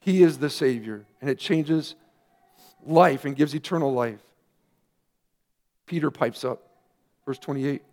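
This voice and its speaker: A man, a pastor, preaching a sermon earnestly, with emphatic rising questions and quieter asides. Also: mid-range voice, measured pace, long pauses.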